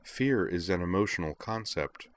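A man voicing a composed female android girl who speaks flatly and calmly, in a storybook reading. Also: low-pitched, normal speed. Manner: flat, calm, emotionless.

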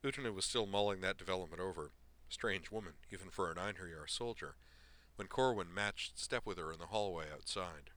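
A man narrating a story at a steady, even pace in audiobook style. His voice is deep yet bright and forceful. The delivery is plain storytelling. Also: a little fast.

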